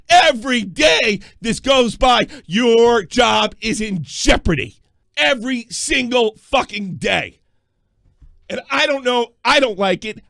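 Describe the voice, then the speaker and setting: Shouting high-voiced male radio host. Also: vocal fry, no echo, studio quality. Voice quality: yelling, profane, combative. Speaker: call-in show host. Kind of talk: angry call-in rant.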